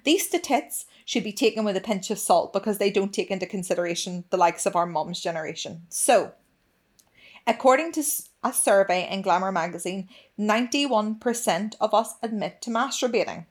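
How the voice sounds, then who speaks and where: A woman's voice: medium pitch, lively intonation, normal speed. Woman co-host, frank and chatty, swears casually. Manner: candid, chatty, swears freely. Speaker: podcast co-host. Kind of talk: frank casual podcast chat.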